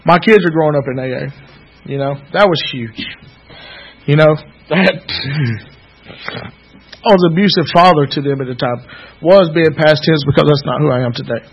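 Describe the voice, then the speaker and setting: Man, thirties, slightly high voice, halting and earnest, repeats himself, personal testimony, dull lo-fi recording. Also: a little hiss or hum. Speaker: recovery meeting speaker.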